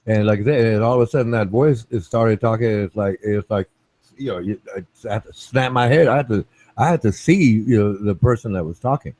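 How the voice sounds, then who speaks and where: A man's voice: lowish voice, a little fast, darkish tone, dry recording. A man hosting a casual online chat, rambling with many restarts and tag questions like "right?". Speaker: show host.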